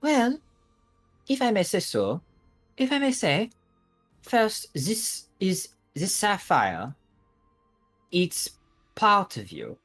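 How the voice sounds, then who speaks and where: A man voicing a grand, theatrical female sorceress who calls everyone child and dearie, with a put-on accent and drawn-out words. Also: sits high, wildly swooping pitch, a bit bright, breathy edge, faint music behind, pitched above the performer's own voice, full character voice. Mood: intrigued.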